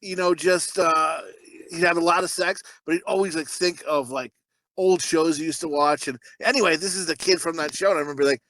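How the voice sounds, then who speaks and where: A man's voice: on the high side, brisk, fairly bright tone, no room sound. A man co-hosting a casual movie podcast, rambling and laughing as he cracks crude jokes. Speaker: podcast co-host.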